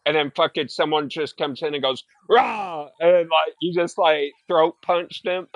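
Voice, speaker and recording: A man's voice: a little high, level tone, normal speed, no room sound, muffled recording. A young man streaming a game, telling rambling, profane stories in casual chat. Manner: rambling, profane storytelling with filler words. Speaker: gaming streamer. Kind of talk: casual chat while gaming.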